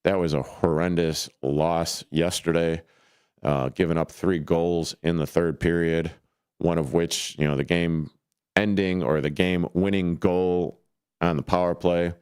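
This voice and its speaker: A man's voice: sits low, fairly even intonation, measured pace, darkish tone, clear, resonant tone, no echo. A man hosting a casual sports talk radio show from a studio, talking in a loose, rambling way with plenty of fillers and restarts. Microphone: studio microphone.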